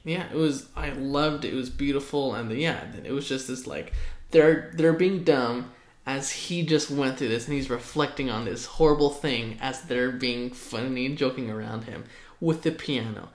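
A man's voice: medium pitch, moderate pace, reverberant. A man in casual chat, talking enthusiastically with many fillers. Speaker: co-host discussing a film.

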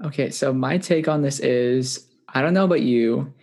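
A man's voice: mid-range voice, normal speed, a little mellow. Young man, podcast co-host, casual chat, chatty, swears, laughs easily.

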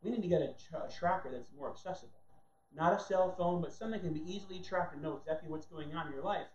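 High-voiced fiery male preacher, roomy. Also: quick pace, slight background noise. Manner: heated, mocking, acts out people in squeaky voices. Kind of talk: sermon. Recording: roomy, dull lo-fi sound.

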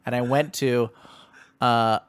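A man's voice: mid-range voice, fairly even intonation, slow pace, very noisy. A young adult man co-hosting a podcast in casual gaming chat, jokey and a little boastful, laughing as he talks. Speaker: podcast co-host.

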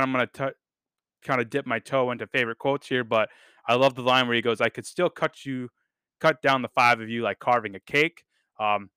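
A man's voice: mid-range voice, sharp tone, smooth, no room sound, clean studio sound. A man hosting a podcast, rambling enthusiastically in casual chat with lots of fillers and the odd swear word. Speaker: podcast host reviewing a TV series.

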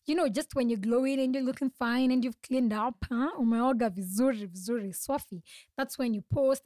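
The host of this solo podcast is a young woman with a mellow, medium-pitched voice, captured in a dry recording. Reflecting earnestly and confidingly, she laughs often and keeps restarting her sentences.

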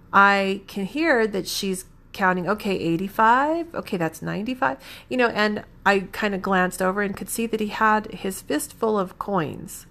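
A woman recounts a personal story, rambling and heartfelt, circling back to correct herself. Her voice has a gravelly, fry-laden edge at a middling pitch. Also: fairly bright tone.

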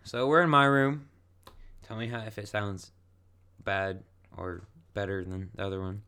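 A man's voice: on the low side, fairly even intonation, measured pace, sharp tone, clean tone. A young man hosting a casual podcast from his bedroom, laid-back and giggly, trailing off mid-sentence. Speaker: podcast host. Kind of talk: casual chat. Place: small bedroom full of clothes. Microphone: shared desk mic.

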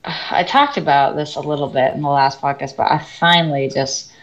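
A woman who teaches orchestra, co-hosting a podcast and ranting in a lively, animated storytelling way. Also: low-pitched, normal speed, lo-fi sound. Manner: animated storytelling, swings loud and soft. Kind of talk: casual podcast rant.

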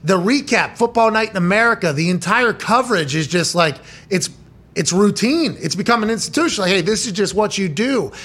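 A male sports show host with a high, bright voice talks casually and eagerly. He cheers his guest on and asks questions. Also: a little fast. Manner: excitable, hypes up the guest. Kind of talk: casual chat.

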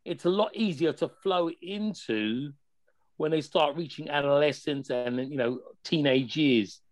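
A man, a family worker, explaining parenting advice in a measured way with hesitations. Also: fairly high pitch, no room sound. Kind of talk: casual panel chat, advice.

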